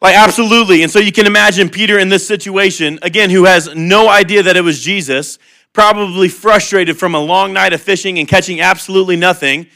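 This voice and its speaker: A man's voice: high-pitched, fairly quick, bright, forceful tone. A man preaching a sermon in an earnest, conversational way, mixing humor with heartfelt appeal. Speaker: pastor.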